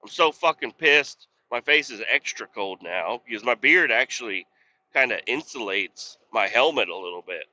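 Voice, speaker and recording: A podcast host telling a rambling work story in a casual, profane, exasperated way. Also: male voice, on the low side, expressive, normal speed, sharp tone, lo-fi sound.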